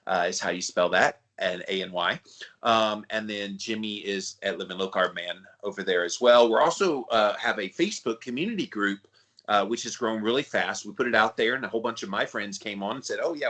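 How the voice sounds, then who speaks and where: Southern man with a bright, forceful voice. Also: fairly low pitch. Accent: Southern US, South Carolina. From South Carolina. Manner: friendly, chatty, lots of fillers. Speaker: podcast co-host. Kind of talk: casual podcast chat.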